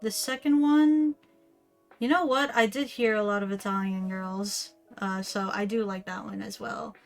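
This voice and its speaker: A woman's voice: medium pitch, steady tone, unhurried, faint music behind. A woman chatting casually beside a stream host, easygoing and hesitant, with frequent fillers. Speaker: co-host, partner. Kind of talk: casual chat.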